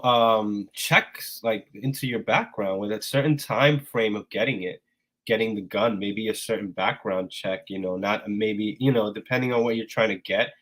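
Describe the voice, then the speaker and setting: Rambling low-voiced man hosting a stream. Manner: loose, rambling, laughs often. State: sneezing. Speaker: host. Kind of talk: casual livestream talk.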